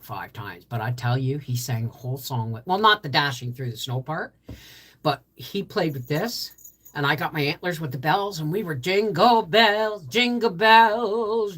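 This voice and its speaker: Husky low-voiced grandmother chatting on a live stream. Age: older. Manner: chatty, rambling storyteller with many restarts. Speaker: homestead channel host. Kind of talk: casual live-stream chat. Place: home office.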